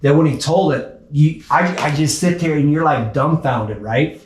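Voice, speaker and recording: A man's voice: a little high, moderate pace, a little hiss or hum. A man hosting an interview, chatting in an encouraging, conversational way with frequent restarts. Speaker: podcast host. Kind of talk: casual interview talk. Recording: echoey room.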